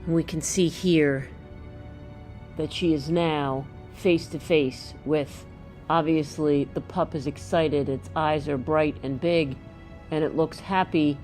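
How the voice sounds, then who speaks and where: Slow low-voiced woman reading a picture book. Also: steady tone, soft background music. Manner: gentle, explaining pictures to children, thinks aloud. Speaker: storyteller walking through a picture book. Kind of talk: picture book read-aloud.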